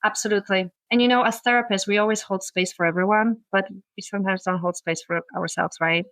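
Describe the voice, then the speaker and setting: A woman's voice: mid-range voice, quick pace, no echo, poor audio. A middle-aged woman from Poland, a therapist and guest, talking in a casual chat and acting out what her family says. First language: Polish. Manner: animated storytelling, acts out family quotes.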